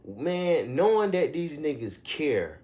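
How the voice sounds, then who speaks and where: Profane, animated man ranting on a livestream. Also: slow pace. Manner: animated, profane, mocking rants with sudden high-pitched outbursts. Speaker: livestream host. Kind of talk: casual livestream commentary.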